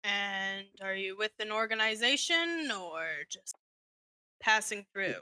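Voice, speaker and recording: Guarded tired bartender, woman GM doing him, curt, bright tone. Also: medium pitch, slow, smooth, no room sound.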